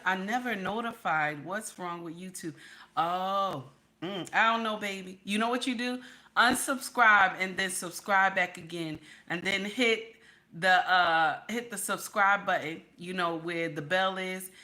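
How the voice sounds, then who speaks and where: Slow, bright-voiced woman chatting on a livestream. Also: on the low side. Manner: chatty, greets viewers by name, calls them baby and honey. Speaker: livestream host reading viewer chat. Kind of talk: casual livestream chat.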